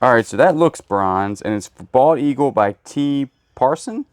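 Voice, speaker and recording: A man's voice: medium pitch, expressive, unhurried. A man hosting a casual storage unit unboxing, cracking goofy jokes as he unpacks. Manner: joking, goofy asides. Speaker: storage unit reseller host. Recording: faint background noise, birds.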